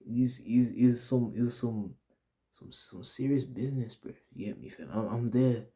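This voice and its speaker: A man's voice: mid-range voice, unhurried, dark tone. A young man telling a story to his audience in a casual, rambling, slang-heavy way, repeating himself often. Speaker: vlogger.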